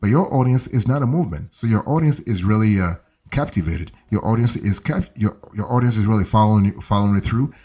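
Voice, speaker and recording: A man's voice: on the low side, dark tone, slightly rough. A man in his seventies giving casual podcasting voice tips, coaxing listeners with a repeated "okay?". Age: 70s. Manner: conversational, repeats and restarts phrases, coaxing "okay?". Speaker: voiceover coach. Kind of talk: casual instructional talk.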